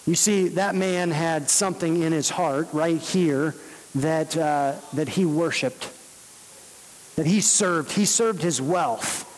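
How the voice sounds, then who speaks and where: A man's voice: fairly high pitch, slow pace. Man preaching in a reverberant hall. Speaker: pastor. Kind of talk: sermon.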